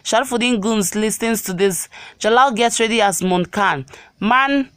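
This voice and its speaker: A woman's voice: on the high side, unhurried, fairly bright tone, no room sound. A woman narrating an episode recap for her channel, reading the scenes and quotes out plainly.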